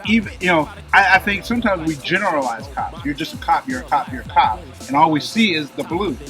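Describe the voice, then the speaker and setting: Man, bright forceful voice, somewhat high, animated storytelling, faint music behind. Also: brisk. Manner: animated retelling, acting out shouted dialogue. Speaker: guest telling his story. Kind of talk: casual conversational storytelling.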